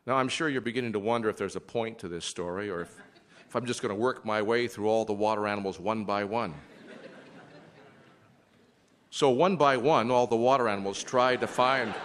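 A man telling a traditional animal tale aloud, with wry, humorous asides to the listener. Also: mid-range voice. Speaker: storyteller. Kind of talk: storytelling narration.

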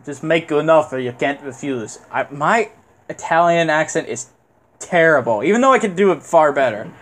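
A man with a somewhat high voice rambles through a casual haul video. He keeps admitting he doesn't know things, and fillers and small chuckles run through his talk. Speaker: video host. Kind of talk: casual game haul vlog.

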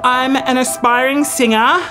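A man's voice: extremely high pitch, fairly even intonation, a little slow, over music. A man playing a starstruck, scatterbrained thirty-year-old woman who wants to be a singer, squealing and gushing in a comedy sketch.

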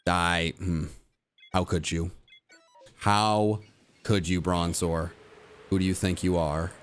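A young man streaming a game live, talking to himself and his chat, with mock-dramatic groans and sudden high yelps. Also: fairly bright tone, slight background noise. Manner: addresses his chat directly. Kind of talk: live gameplay commentary.

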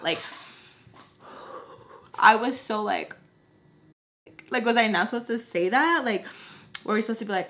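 Animated young woman telling a storytime. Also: medium pitch, normal speed, gravelly, long pauses. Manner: animated, acts out quotes with voices, slangy. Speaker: vlogger. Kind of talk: storytime while doing makeup.

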